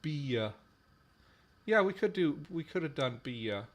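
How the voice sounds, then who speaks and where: A man hosting a live stream on building a language, thinking aloud slowly with many fillers, repeating trial words over and over. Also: on the high side, big pitch swings. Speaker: podcast host running a conlang stream.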